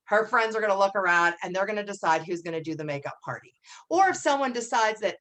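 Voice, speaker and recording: A woman coaching her direct sales team in a casual training talk. She talks in a chatty way and acts out sample lines in a brighter voice. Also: medium pitch, lively intonation, fast.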